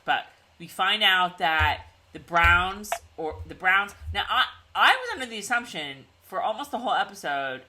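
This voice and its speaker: A middle-aged woman co-hosts a podcast, chatting casually about a TV show over a video call. Her voice is fairly low-pitched, bright, and forceful, and she rambles, restarting sentences and saying "like" a lot.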